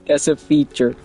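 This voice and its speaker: A young man streaming a video game, chatting in a rambling, jokey way and laughing often. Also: dark tone. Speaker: livestreamer. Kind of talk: casual gameplay commentary. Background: faint game music.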